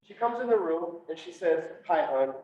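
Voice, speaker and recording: Earnest and warm-toned, with a voice that sits high, a man recounts his story in a hall. He's a police officer speaking on PTSD, slowing for emphasis and quoting others' dialogue. The recording has distant, roomy echo and a dull lo-fi sound.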